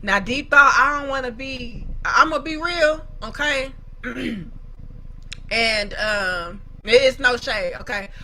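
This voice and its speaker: Young woman, high voice, bright edgy tone, profane, dramatic storytelling. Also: slow pace, rough recording. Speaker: commentary channel host. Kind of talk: casual commentary on viewer comments.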